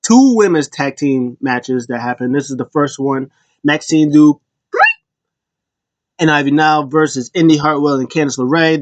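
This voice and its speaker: A man's voice: a little high, no echo. A man casually recapping a wrestling show, rambling with restarts and small chuckles.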